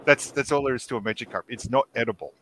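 A man's voice: medium pitch, fast talker, fairly bright tone. A man co-hosting a casual podcast chat, rambling along with plenty of filler words. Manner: rambling, with frequent fillers and restarts. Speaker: podcast co-host.

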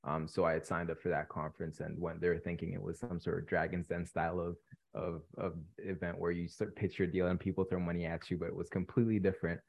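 A young man in his twenties from Canada, a guest telling his story in a relaxed interview with many ums. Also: sits low, fast talker, gravelly. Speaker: podcast guest, real estate investor. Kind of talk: casual interview chat.

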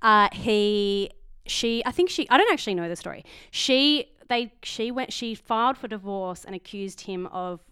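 A woman's voice: mid-range voice, animated, moderate pace, sharp tone, smooth, dry recording, clean studio sound. A young woman co-hosting a podcast in rambling casual chat with laughing asides. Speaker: podcast co-host.

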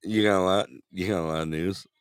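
A man's voice: low voice, quick pace, clean tone, no echo, studio quality. A man co-hosting a talk show, telling stories with lots of laughter. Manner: laughing storyteller, animated. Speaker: radio show co-host. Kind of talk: casual chat show banter.

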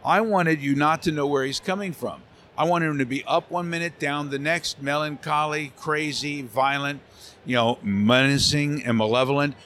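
A man's voice: on the high side, moderate pace, slight background noise. A man who works as a voice actor, telling stories animatedly in an interview at a convention center and slipping into character voices. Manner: lively, slips into character voices. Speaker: voice actor guest.

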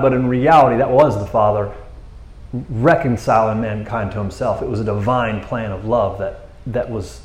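A man preaching a conversational sermon, reading scripture and breaking into animated, joking asides. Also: mid-range voice, roomy sound.

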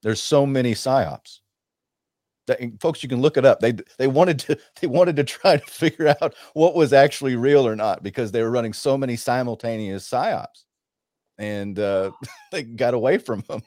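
A man in his forties hosting a conversational panel discussion, talking in a halting way with frequent restarts and stumbles. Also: medium pitch, a little mellow, no room sound, studio quality. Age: 40s.

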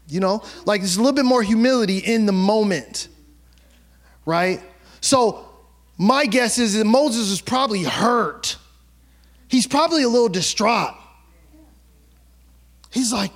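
Lively high-voiced pastor preaching casually. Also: male voice, a little slow, pauses often. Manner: conversational, playful, acts out quotes, laughs often. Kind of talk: sermon.

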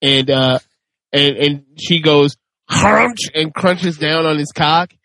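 Male host, slightly high pitch, dry close sound, crude joking banter. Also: fairly even intonation, slow pace, bright, forceful tone, no room sound. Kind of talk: casual podcast banter.

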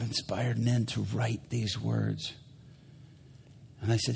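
Gravelly preacher telling a dramatic story. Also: male voice, lowish voice, level tone, moderate pace, long pauses, long reverb tail, a little hiss or hum. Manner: dramatic, swinging between loud bursts and hushed whispers. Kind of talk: sermon storytelling.

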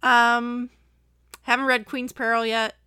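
Bright, crisp-voiced woman podcaster. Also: on the high side, level tone, dry recording, studio quality. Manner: chatty, enthusiastic, quick asides. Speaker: podcast co-host. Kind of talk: casual chat.

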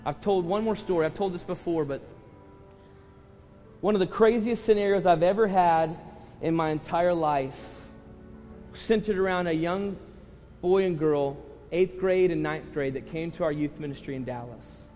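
A man preaching a sermon as pastor, telling a story emotionally, swinging from loud to hushed and tearful at times. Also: on the high side, moderate pace. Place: church sanctuary. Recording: church hall reverb with music.

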